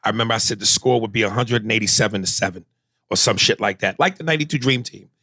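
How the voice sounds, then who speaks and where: A brash, profane comedian hosting a podcast. He has a gravelly, mid-pitched voice with an animated delivery. He is recorded close and dry. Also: fast, dry recording. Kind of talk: casual comedy podcast chat.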